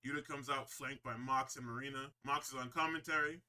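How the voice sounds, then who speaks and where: A man co-hosting a podcast, casually recapping wrestling shows in an animated, profane way and slipping into quick impressions. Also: mid-range voice, smooth. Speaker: podcast co-host.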